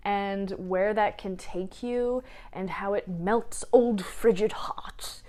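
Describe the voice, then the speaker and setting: A woman's voice: mid-range voice, slow, mellow. Chatty emotional young woman. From small town, Midwest US. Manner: chatty, emotional, laughs and tears up while talking. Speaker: book vlogger. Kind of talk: casual chat.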